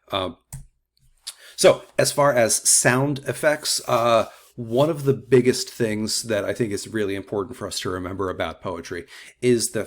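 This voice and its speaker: Low-voiced man giving a casual lecture. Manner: loose and conversational, many fillers and restarts. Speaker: teacher. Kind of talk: unscripted mini lecture.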